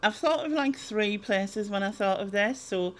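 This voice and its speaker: A woman's voice: mid-range voice, a little slow. A woman, chatting casually through a Q&A vlog, rambling with lots of ums and laughs. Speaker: YouTuber answering viewer questions.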